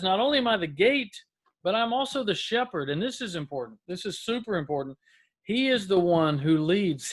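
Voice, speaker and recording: Earnest pastor, fairly high voice. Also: male voice. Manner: earnest, warm exhortation with frequent restarts. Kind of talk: casual mid-week devotional talk. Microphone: camera close up.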